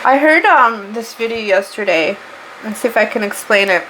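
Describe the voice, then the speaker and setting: Expressive and on the high side, a woman from Portugal speaks with a Portuguese accent at normal speed through a relaxed tarot reading monologue. The spiritual reading wanders into chat as she rambles and corrects herself, with background noise behind her.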